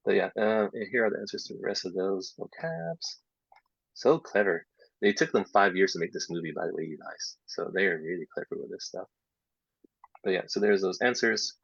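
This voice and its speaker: A man teaching a casual workshop for English teachers, explaining step by step and dropping into soft half-whispered asides. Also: sits low, moderate pace, vocal fry, slightly rough, dry recording. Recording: dull lo-fi sound.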